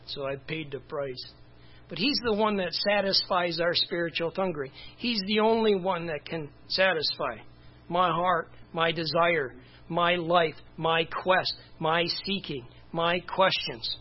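A man's voice: on the high side, measured pace, dull audio. A man preaching a casual, conversational sermon as pastor, with chuckles and asides.

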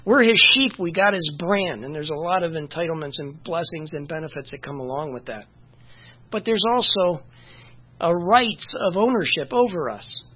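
A Bible teacher giving an informal, conversational lesson, full of "you know" fillers and pausing to check verse numbers. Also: mid-range voice, husky. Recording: dull lo-fi recording.

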